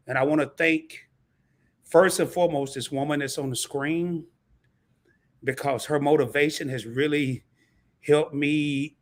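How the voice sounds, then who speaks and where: A man joining a live stream as a guest, talking in a relaxed, chatty and earnest way. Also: on the high side, a little slow, long pauses. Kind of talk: casual live-stream chat.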